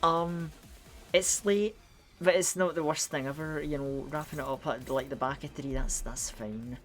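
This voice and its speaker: A man's voice: on the high side, fairly even intonation, normal speed, a bit bright. A man streaming a game, chatting casually and rambling with lots of restarts while groggy from a cold. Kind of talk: casual live gaming stream chat.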